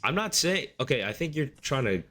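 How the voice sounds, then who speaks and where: A man's voice: mid-range voice, very animated, fairly quick, sharp tone. A man in his twenties from the Midwestern US, co-hosting a podcast in casual chat. He talks loosely and hedges, with lots of "like" fillers. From Midwestern United States. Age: 20s. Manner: loose, hedging, full of "like" fillers. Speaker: podcast co-host.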